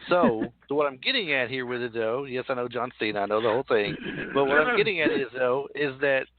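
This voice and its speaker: A podcast host with a mid-range voice talks a little fast in a casual recap chat, rambling and repeating himself as he works through things. The audio is tinny and phone-like with a faint hiss.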